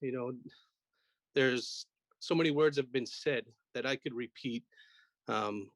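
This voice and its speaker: A commission member giving brief, sincere thanks at a meeting. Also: male voice, mid-range voice, a little slow, no room sound. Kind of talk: meeting tribute remarks. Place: video call.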